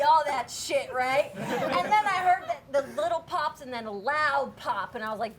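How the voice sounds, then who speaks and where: A woman doing a crude stand-up bit, brash and profane, acting out scenes in loud put-on voices. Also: high voice, animated, moderate pace, hardly any pauses, crowd noise. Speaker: comedian. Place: live comedy stage. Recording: loud live audience laughter and noise.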